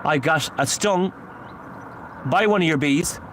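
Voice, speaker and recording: A man's voice: fairly high pitch, unhurried, low-quality recording. A man working as a paranormal investigator, alone outdoors at night, repeatedly and earnestly pleading for spirits to come forward in a ghost-hunting vlog. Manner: repetitive, earnest pleading calls. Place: outdoors at night, seated on a memorial bench. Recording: outdoor recording with steady traffic noise.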